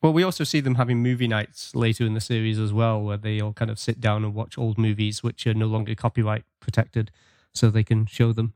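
A man's voice: fairly low pitch, fairly even intonation, brisk, a little mellow, no echo, clean studio sound. A man co-hosting a podcast in casual chat, enthusiastic and breaking into small laughs as he recaps. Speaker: podcast co-host.

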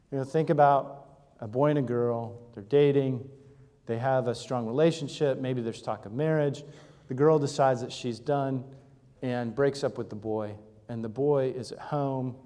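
A man's voice: mid-range voice, warm tone. A male pastor preaching a sermon in a conversational teaching manner, often asking rhetorical questions and checking in with his listeners. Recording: long reverb of a large hall.

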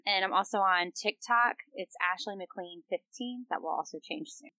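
A woman's voice: mid-range voice, normal speed, sharp tone, no room sound, poor audio. A woman playing a tabletop game, chatting casually and filling her talk with "like". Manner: chatty, uses "like" a lot. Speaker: player.

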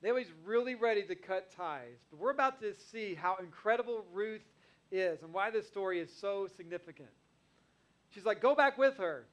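A man's voice: high voice, moderate pace, a bit bright. A man preaching a sermon, reading scripture aloud and retelling it in earnest, conversational everyday language. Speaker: pastor.

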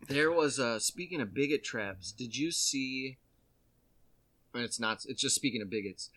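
Man, casual comedy host, rambling and jokey, even middle pitch, slips into quick put-on voices when telling a story.

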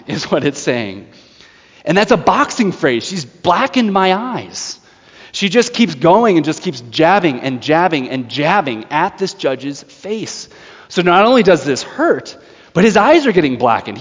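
Guy giving a sermon, chatty and animated storytelling, big echoey hall, kinda muffled sound. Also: fairly high pitch. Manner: lively storytelling with laughs and acted-out voices. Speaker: preacher. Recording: dull sound with long hall reverb.

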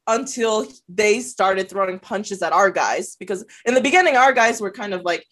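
A young adult woman, a podcast co-host, telling a story in casual chat. She is animated, laughs often between her words and swears freely. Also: mid-range voice, moderate pace.

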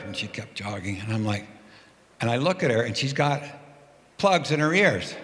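A man preaches a sermon in a reverberant church hall, his voice carrying a long tail of echo. He speaks in a conversational storytelling way, warm in rhythm and lightly humorous about himself. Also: mid-range voice, lively intonation, moderate pace, slight background noise. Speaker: pastor.

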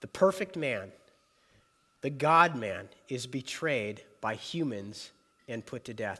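A man's voice: mid-range voice, slow pace. Man preaching in an echoing hall. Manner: animated preaching that drops to soft earnest prayer. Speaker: pastor. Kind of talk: sermon.

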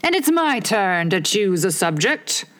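A woman reading a storybook aloud, putting on a higher, slow, pompous voice for a touchy male egg perched on a wall. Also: big pitch swings, fairly bright tone. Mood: lofty. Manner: pompous, slow, drawn-out emphatic phrasing.

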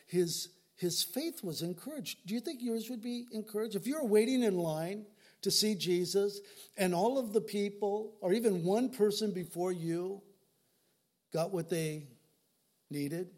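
An older male pastor with a high-pitched, slightly slow and somewhat mellow voice preaches an earnest sermon. He tells stories and often repeats words when he's moved.

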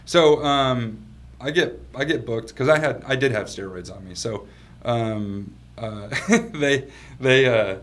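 A man with a bright, forceful voice, pitched in the ordinary middle, talking as a guest on an interview show. He tells his story casually and with animation, breaking into laughter often and swearing without hesitation. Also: takes it slowly. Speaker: guest, company founder.

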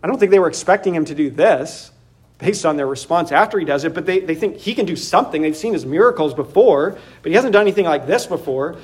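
Male pastor, slightly high voice, animated sermon delivery with frequent laughs. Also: quick pace.

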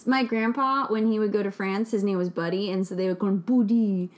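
Host: woman, mid-pitched voice, teasing and jokey, loose banter. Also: steady tone, brisk. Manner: playful, teasing, crude jokes. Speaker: podcast host. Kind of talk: casual chat.

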